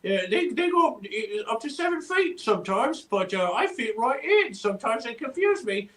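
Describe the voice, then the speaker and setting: A high-pitched tall goblin. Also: male voice, big pitch swings, normal speed, a bit bright, exaggerated voice. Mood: rambling. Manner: rambling, full of "uh" and "you know". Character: tall easygoing male goblin with ogre blood. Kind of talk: in-character livestream interview.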